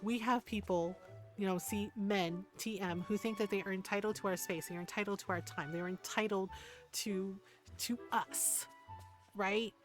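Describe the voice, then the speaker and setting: Woman streamer, mid-pitch, chatty and profane, with a soft bed of game music behind her. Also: steady tone, moderate pace. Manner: heated, profane rant with frequent "like" and "right?". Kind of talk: casual livestream chat.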